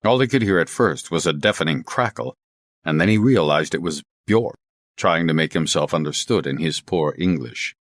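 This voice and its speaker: A man narrating an audiobook in a measured, expressive reading style. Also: low-pitched, no room sound, clean studio sound. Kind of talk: scripted narration.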